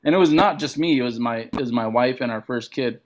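A man from a Montana reservation telling a casual story as a comedian guest, acting out other people's lines with big jumps in pitch. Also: fairly quick. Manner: animated, acts out quoted voices with big pitch jumps.

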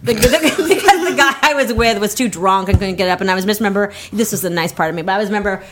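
A young adult woman telling a story in casual conversation, animated and laughing as she talks. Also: mid-range voice, fast talker, background noise. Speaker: comedy podcast guest.

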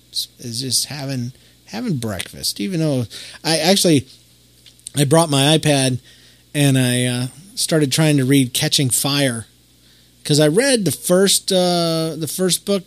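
A man's voice: fairly high pitch, lively intonation, measured pace, no echo. Folksy rambling man, dry close mic. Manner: rambling, folksy, with lots of fillers and restarts. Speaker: podcast host. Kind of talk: casual storytelling monologue.

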